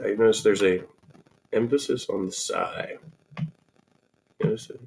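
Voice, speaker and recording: A man's voice: lowish voice, measured pace, pauses often, a little mellow, a little hiss or hum, poor audio. A man casually reading and reacting to a blog post, rambling and sarcastic, full of restarts and asides. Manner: rambling, sarcastic, with many restarts and self-corrections. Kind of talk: casual commentary.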